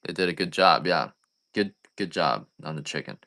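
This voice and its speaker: A deep-voiced man selling coffee on a live stream, talking in a loose, casual way. His tone is bright and forceful, and he keeps sliding into rambling, joking rants. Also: expressive, normal speed.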